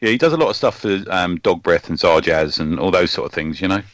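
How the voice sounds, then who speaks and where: Fast-talking low-voiced man. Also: lively intonation, dry recording. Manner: chatty, rambling, with many ums and restarts. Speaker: podcast host. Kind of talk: casual chat.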